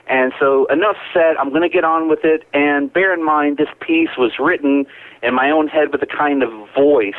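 A man calling into a show from home, talking in an earnest, rambling way with lots of fillers. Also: medium pitch. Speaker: caller and poet. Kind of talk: casual call-in chat. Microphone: telephone. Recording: tinny phone line.

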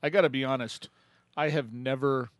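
A man's voice: medium pitch, steady tone, normal speed, no room sound. A man hosts a call-in poetry show in a loose, joking way, laughing often between remarks. His voice sits in a middle register. The studio sound is dry and close. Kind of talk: casual radio chat.

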